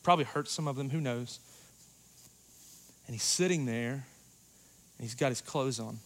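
A man preaching a sermon in a dynamic, conversational way, swinging between loud passages and hushed ones. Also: medium pitch, moderate pace. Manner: conversational, uses "like" and "you know".

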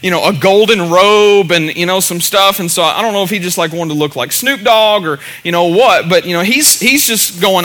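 A man's voice: high-pitched, moderate pace, hardly any pauses, sharp tone. A middle-aged male pastor preaching a casual sermon, chatty and full of "you know" fillers.

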